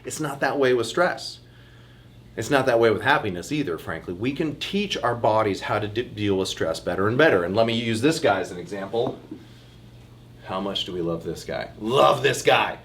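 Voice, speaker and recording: Chiropractor guy doing a chill online workshop, chatty and animated, keeps saying you guys, normal pitch. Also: normal speed. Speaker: chiropractor leading a health workshop. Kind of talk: casual online workshop talk.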